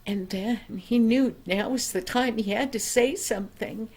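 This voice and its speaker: An older woman telling a children's story in a gentle, unhurried way, dropping to a soft hush on quiet passages. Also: fairly high pitch, breathy edge. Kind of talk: reading a children's story aloud.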